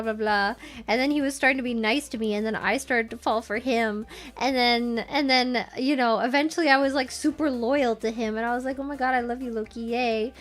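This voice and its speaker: A young woman streamer chats through a story in a casual, animated way and keeps breaking into giggles. Her voice is high and bright, and faint music plays in the background. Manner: animated, giggly, bursts into laughter.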